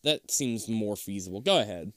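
A man chatting casually as a co-player, animated and quick to question things, swearing often. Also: fairly low pitch, no echo, clean studio sound. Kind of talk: casual chat.

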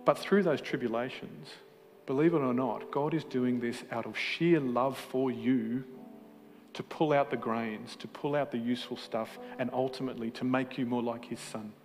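A man preaching a sermon with passion, swinging between emphatic peaks and quiet moments, with self-deprecating humor. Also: mid-range voice, fairly even intonation, normal speed. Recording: hall reverb with faint music.

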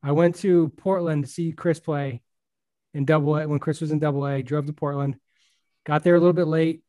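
A man hosting a casual baseball podcast, chatting in a relaxed way with lots of fillers. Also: on the high side, a little fast, no room sound. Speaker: podcast host.

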